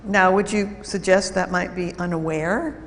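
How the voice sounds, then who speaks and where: A woman giving an instructive talk at a church, measured and deliberate, illustrating points with stories. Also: lowish voice, fairly even intonation, big-room sound, a little hiss or hum. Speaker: speaker at a church program. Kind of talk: lecture-style talk with anecdotes.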